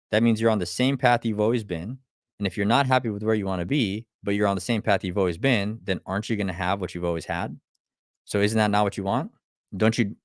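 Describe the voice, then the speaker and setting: There's no room echo here, just a dry, close recording of a man with a fairly low voice giving a profane, blunt motivational talk live. He keeps throwing rhetorical questions at his listeners, and when excitement takes over he stumbles and restarts.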